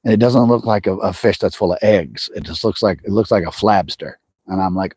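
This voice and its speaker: A man's voice: lowish voice, fairly even intonation, fairly quick, a little mellow, breathy edge, no room sound, clean studio sound. A man hosting a fishing livestream from a lake, chatting casually and rambling with folksy restarts. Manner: rambling and folksy, restarts words, speaks directly to viewers. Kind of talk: casual live chat while fishing. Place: lake outdoors.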